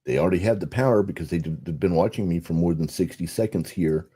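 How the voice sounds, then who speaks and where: Low, mellow older man explaining slowly. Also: breathy edge. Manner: measured, explanatory, trails off softly. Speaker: guest. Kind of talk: casual podcast conversation.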